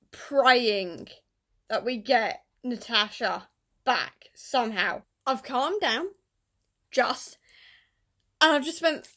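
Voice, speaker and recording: A young woman, a book vlogger, chatting casually and gushing excitably about films and reading, with self-mocking asides. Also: high voice. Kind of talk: casual chat.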